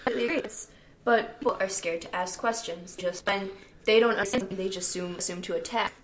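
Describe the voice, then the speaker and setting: A woman's voice: medium pitch, quick pace, a little hiss or hum. Frank, chatty young woman co-host. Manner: frank, chatty, peppered with "like" and "I mean". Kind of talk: casual podcast chat.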